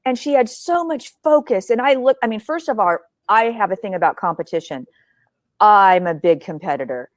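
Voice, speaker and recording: A woman's voice: medium pitch, animated, normal speed, no room sound. A woman hosting an interview over a video call, speaking in an emphatic, plainspoken way. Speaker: association CEO and host. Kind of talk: casual interview chat.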